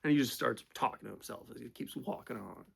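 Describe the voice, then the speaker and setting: Gravelly man telling rambling stories. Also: mid-range voice, fast talker, a bit bright. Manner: profane, rambling, full of fillers. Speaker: storyteller. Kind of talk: casual storytelling.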